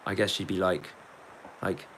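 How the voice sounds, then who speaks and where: A low-voiced man rambles through a casual livestream, reading comments aloud and swearing freely between laughs. A faint hum of ambient noise sits behind his voice. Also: animated, fairly quick. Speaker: livestreaming musician reading chat.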